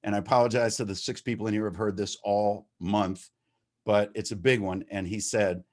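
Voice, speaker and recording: A man's voice: lowish voice, steady tone, a little fast. A man telling his story at a recovery meeting over a video call, talking candidly, swearing freely and getting worked up as he goes. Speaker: recovering addict sharing at a meeting. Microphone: video-call microphone.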